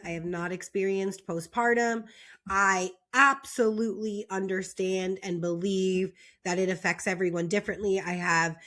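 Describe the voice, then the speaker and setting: A woman's voice: mid-range voice, pushed and bright. Chatty young woman recapping reality TV. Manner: chatty, frequent "like" fillers, exasperated. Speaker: reality TV commentator. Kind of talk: casual opinionated recap.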